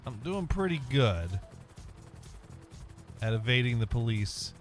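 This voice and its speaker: A man's voice: medium pitch, sing-song, takes it slowly, soft background music. A man hosting a casual gaming stream from home, rambling, making dry jokes and reading chat aloud. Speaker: streamer host. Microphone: webcam and desk mic.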